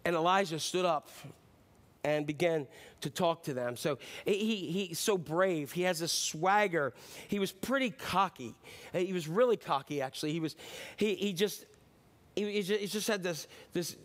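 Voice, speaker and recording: A pastor preaching a sermon, retelling a Bible story with animated, playful storytelling. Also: male voice, sits high, moderate pace. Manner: animated storytelling, slipping into playful character voices.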